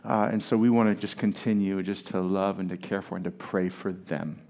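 A male pastor preaching a sermon at a church service, earnest and deliberate, leaning on key words with long pauses, and joking easily with his congregation. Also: deep voice, fairly even intonation, a little mellow. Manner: playful banter with the congregation.

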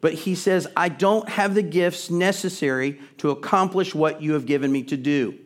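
A man's voice: a little high, moderate pace. A middle-aged man preaching a sermon in a conversational way, building to emphatic, rising questions. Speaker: pastor.

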